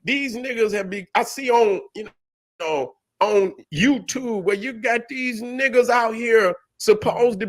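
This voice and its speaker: A man's voice: extremely high pitch, a bit bright. A middle-aged man giving a profane, repetitive, preachy commentary rant as host. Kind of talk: ranting commentary.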